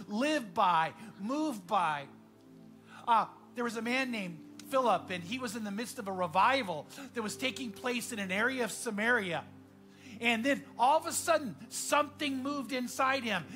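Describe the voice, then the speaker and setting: A man preaching a sermon as pastor, telling a story earnestly and often dropping to a hushed voice. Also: extremely high pitch.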